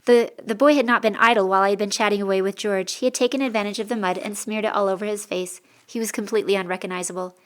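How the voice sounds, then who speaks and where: A woman reading a first-person story as an audiobook narrator, steady and clear. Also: medium pitch, fast talker, few pauses.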